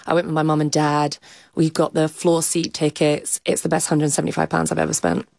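A woman's voice: low-pitched, fairly quick, gravelly, no room sound, clean studio sound. Chatty woman cultural critic. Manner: chatty, animated storyteller with frequent laughs. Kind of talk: casual studio chat.

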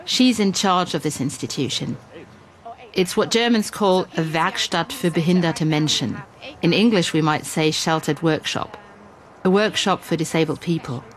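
A woman reporter and presenter narrating a scripted radio documentary in a measured, clear way. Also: low-pitched.

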